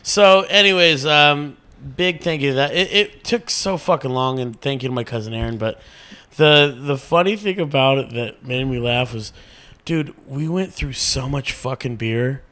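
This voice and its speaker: A man's voice: medium pitch, moderate pace, bright, forceful tone. A man co-hosting a casual podcast, telling a loose story with fillers and swearing. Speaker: podcast co-host. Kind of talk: casual profane podcast banter.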